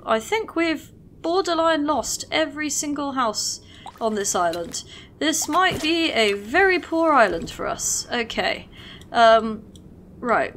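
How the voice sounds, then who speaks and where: A woman with a fairly high voice gives casual gameplay commentary. She is chatty and easily excited, talking fondly to her units as she plays. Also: a little hiss or hum.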